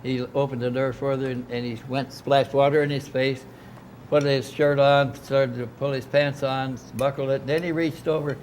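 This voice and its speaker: Older man, rambling storyteller voicing quoted people, mid pitch, faint noise behind. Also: level tone, moderate pace, a little mellow. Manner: rambling anecdotal, acts out quoted dialogue. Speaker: interviewee recounting experiences. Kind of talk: casual storytelling.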